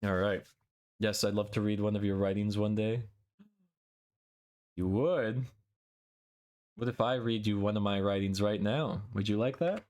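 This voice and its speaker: A young male streamer with a fairly low voice, chatting loosely with his viewers between games. He slips into a dramatic reading voice when reciting poetry and stories. His talk is playful and relaxed. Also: unhurried, long pauses. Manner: dramatic recitation, then playful chat with silly noises. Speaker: VTuber streamer.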